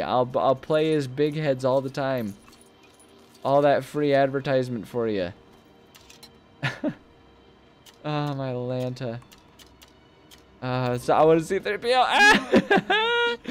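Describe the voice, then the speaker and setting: A young man commenting casually while playing a video game, rambling and easily amused, often breaking into high-pitched laughter. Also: expressive, takes it slowly, long pauses. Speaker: gaming video host. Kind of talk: casual let's-play commentary.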